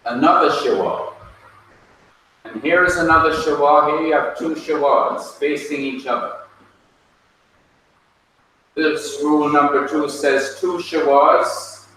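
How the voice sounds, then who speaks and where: A man's voice: on the high side, slow, pauses often, bright, forceful tone. A male teacher leading a classroom lesson, calling on students by name and patiently drilling their pronunciation. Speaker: Hebrew teacher. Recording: echoey classroom from far off, faint noise.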